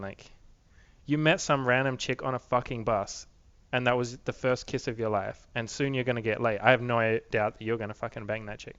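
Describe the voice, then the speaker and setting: A young man talks straight into his camera in a loose, rambling video diary, swearing freely and leaning on "like" as a filler. His voice is bright and forceful, and the close, dry recording sounds a little dull and lo-fi. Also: medium pitch, steady tone, fairly quick, clear, resonant tone, no echo. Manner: rambling, profane, many "like" fillers. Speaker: vlogger. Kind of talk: casual video diary rant.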